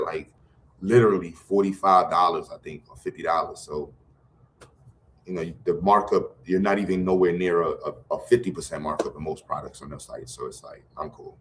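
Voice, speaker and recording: A man's voice: low-pitched, a little fast, slight background noise. A middle-aged man, talking casually and loosely in slang, full of restarts, as a guest on a livestream. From Brooklyn, New York. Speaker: guest, educator running a program.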